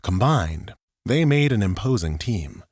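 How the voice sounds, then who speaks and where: A man reading a science fiction audiobook as narrator, in a steady storytelling manner. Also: on the low side, measured pace, no echo, studio quality.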